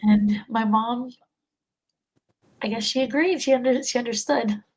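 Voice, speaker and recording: A woman's voice: a little high, measured pace, husky, low-quality recording. A young woman in her twenties, a podcast guest, talking casually with many fillers and frequent laughs. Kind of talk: casual conversation.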